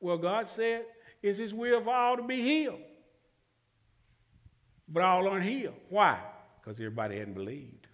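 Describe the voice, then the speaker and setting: A male pastor delivers a sermon in a high, bright voice that leaps up and down. He asks questions and answers them himself, dropping to near-murmurs before rising to shouts. The sound carries the long reverb of a church hall. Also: expressive, moderate pace, long pauses. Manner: preaching with call-and-response questions, swinging from low murmurs to shouts.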